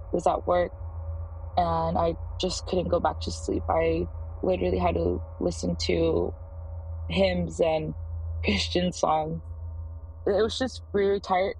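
A woman in her thirties earnestly recounting her own experience in a voicemail, with halting restarts. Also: on the low side, gravelly, darkish tone, husky, low-quality recording. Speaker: voicemail caller. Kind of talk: first-person story.

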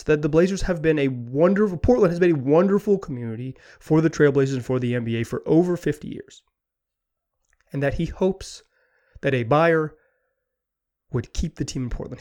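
A man delivers a sports talk podcast monologue in a voice pitched a little above the usual. He rambles in an animated way, stumbles over his words and restarts his sentences often. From Pacific Northwest. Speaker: podcast host.

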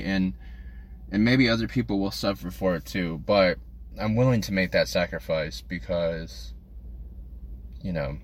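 A man's voice: sits low, a little hiss or hum. A man delivering a crude, self-deprecating comedic monologue as a podcast host, rambling from one thought to the next.

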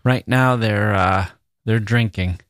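A low, menacing drawl from a smooth-talking stalker who coaxes with easy slang, read aloud by a man. The voice sits deep and flat, and the recording is close and dry with no room sound. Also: takes it slowly, dry recording. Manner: coaxing, drawling, casual slang.

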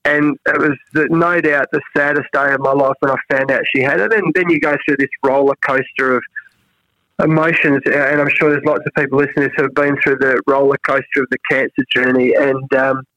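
A man's voice: medium pitch, flat delivery, fairly quick, sharp tone, no echo, dull audio. An Australian man, a cricket head coach, reflecting earnestly in an interview, often restarting his sentences. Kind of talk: interview conversation.

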